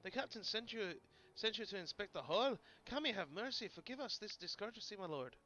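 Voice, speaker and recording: Brief: a man playing a jittery young deckhand, bright, stammering, pirate-tinged, lo-fi game stream. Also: sits high, animated, fairly quick. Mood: flustered. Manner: stammering, put-on pirate accent. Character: nervous young male apprentice sailor. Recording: dull lo-fi stream audio, faint game music.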